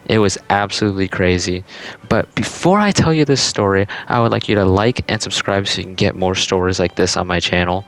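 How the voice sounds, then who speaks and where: A man's voice: low-pitched, fairly quick. A young man telling a childhood story in a casual, rambling way, full of "like" and "um". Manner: rambling, heavy use of "like" and "um". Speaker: storytime vlogger.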